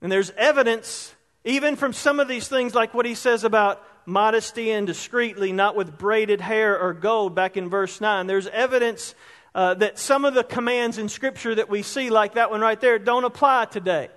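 A man's voice: high voice, moderate pace, fairly bright tone. A man preaching a sermon as pastor, conversational and often asking his congregation questions, in a church sanctuary. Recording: long hall reverb.

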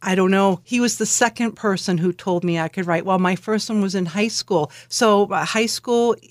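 A middle-aged woman from California speaks as a guest on an interview show, animated and quick to laugh as she tells her stories. Her voice sits in a middle register and is recorded close and dry. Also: medium pitch, dry recording. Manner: animated storyteller, laughs often, acts out quotes. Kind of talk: conversational interview.

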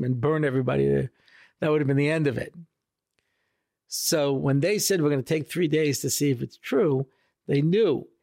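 A man's voice: gravelly, no room sound, studio quality. A man, a rabbi, telling a weekly Torah talk in a casual, jokey storytelling way and acting out the quotes. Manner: animated, jokey, acts out quotes with big pitch jumps.

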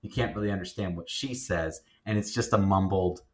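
Casual low-voiced man reviewing films. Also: brisk. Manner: rambling, filler-heavy, self-restarting. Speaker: film review host. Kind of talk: casual movie review chat.

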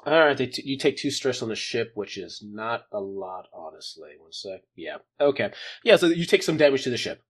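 A man's voice: medium pitch, lively intonation, a little fast. A man running a tabletop role-playing game as game master, joking about how his plans went wrong. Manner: jokey, laughing at his own plans going wrong.

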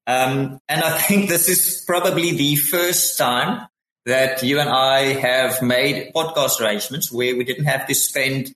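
A man's voice: medium pitch, unhurried, fairly bright tone, reverberant, rough recording. A man with a South African accent, chatting casually as a podcast guest and repeating words as he restarts sentences. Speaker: podcast guest, former Survivor player. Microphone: headset.

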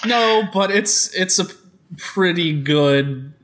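A man chatting casually on a podcast, enthusiastic with quick asides. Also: sits high, a bit bright, slight background noise. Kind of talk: casual chat.

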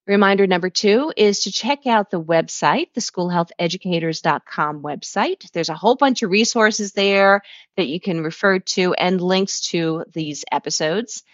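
A woman's voice: lowish voice, normal speed, no echo, muffled recording. A woman hosting a podcast, talking in an enthusiastic, encouraging way as she wraps up an interview. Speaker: podcast host.

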